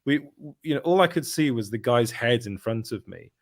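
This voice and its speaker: A man's voice: medium pitch, lively intonation, moderate pace, no room sound, studio quality. A man, telling a rambling anecdote in casual chat, often correcting himself. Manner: rambling, self-correcting storyteller with laughs. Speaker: podcast host.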